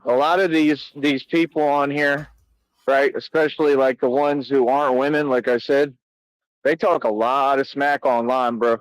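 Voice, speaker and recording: A man ranting slowly and boastfully, repeating himself and speaking in casual slang. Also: mid-range voice, no echo, low-quality recording. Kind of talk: boastful rant.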